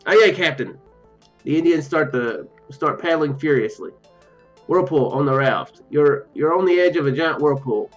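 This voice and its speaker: With a fairly high-pitched voice at a moderate pace, a man reads text aloud from a text adventure he's playing. He laughs easily, restarts lines and cracks asides in this casual let's play, the audio muffled and dull beneath faint game music.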